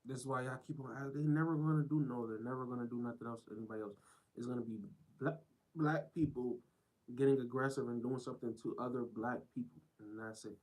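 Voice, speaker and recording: A man's voice: mid-range voice, steady tone, fast talker, a little mellow, rough recording. A man live-streaming, reacting to clips in a blunt, rambling way that circles back over the same phrases. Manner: blunt, rambling, repeats himself.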